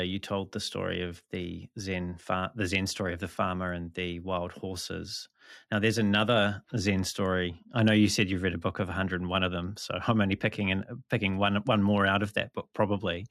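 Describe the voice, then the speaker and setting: A man hosting a podcast, with a fairly low voice. He speaks in a measured, courteous way. The sound is dry and close to the mic. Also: vocal fry, a bit bright, no echo. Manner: measured, courteous, a few restarts. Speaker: podcast host.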